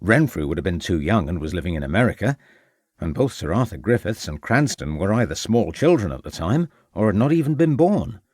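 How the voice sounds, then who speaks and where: Man doing a measured, formal Victorian inspector, low voice, plenty of pitch movement. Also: very animated, darkish tone, no room sound, clean studio sound.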